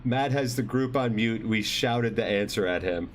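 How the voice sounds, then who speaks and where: A man's voice: on the low side, normal speed, a little hiss or hum. Joking man hosting a live trivia quiz. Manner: jokey, loose, teasing players by team name.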